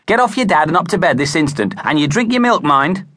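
Brief: man voicing a bossy mum sending a child to bed, higher pitch, firm, storybook. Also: expressive, brisk, sharp tone, no room sound. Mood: scolding. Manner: scolding, bossy. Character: brisk motherly village woman.

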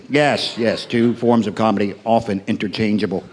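A man's voice: on the low side, steady tone, normal speed, few pauses. An American man doing live stand-up on a theatre stage, sardonic and profane, mock-ranting at the crowd. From United States. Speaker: stand-up comedian. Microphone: stage microphone. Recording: live theatre, echoey, loud crowd noise.

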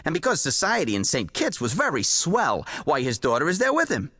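A man's voice: fairly high pitch, huge pitch swings, a little fast, pushed and bright, dry recording, clean studio sound, full character voice. Horace, a man doing a wound-up pulp writer. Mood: eager. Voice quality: eager, rambling, folksy slang. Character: excitable boastful male pulp writer, hot-headed. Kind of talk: audiobook character voice.

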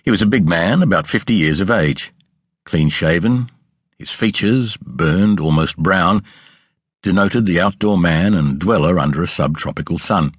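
A man narrating an audiobook in a measured, expressive storytelling manner with a husky voice. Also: low-pitched, no echo. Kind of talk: scripted narration. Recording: dry close studio sound.

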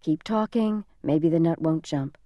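A woman voicing a drunk, unhinged, suicidal large man who taunts in a slow, mocking drawl, in an audiobook reading. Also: low-pitched, mellow, dry recording, muffled recording. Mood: taunting.

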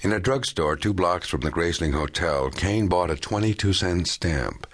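A man narrating a crime audiobook in a measured, even storytelling manner. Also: deep voice. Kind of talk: scripted narration.

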